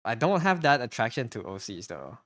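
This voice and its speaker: A streamer and artist talks while he draws live, his casual speech hesitant and rambling, full of restarts and repeated words. He has a medium-pitched, bit-bright voice with big pitch swings, fairly quick, and no room sound.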